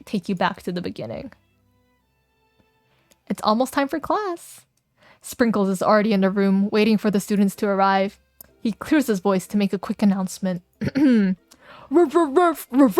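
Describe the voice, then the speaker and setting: A woman's voice: mid-range voice, a little mellow, no room sound. A young woman streaming a game, chatting playfully and reading its text aloud, giggling often.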